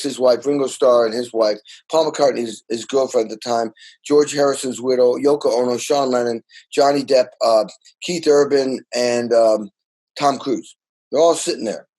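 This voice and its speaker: An older guest drummer tells stories in a casual interview with energy and enthusiasm, frequently restarting and repeating words. His mid-range voice has a darkish tone, on a low-quality recording.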